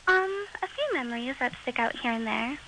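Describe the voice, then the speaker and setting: A teenage girl calling a late-night call-in radio show, with a childlike high voice and a hesitant way of talking full of "um"s. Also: expressive, brisk, sharp tone, a little hiss or hum, poor audio. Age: teens. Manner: hesitant, many "um"s. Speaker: caller.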